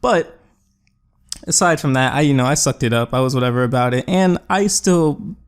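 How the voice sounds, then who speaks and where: A man's voice: medium pitch, normal speed, clean tone. A young man casually telling a rambling story, with fillers and quoted voices. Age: young adult. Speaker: gaming YouTuber. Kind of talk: storytelling over gameplay.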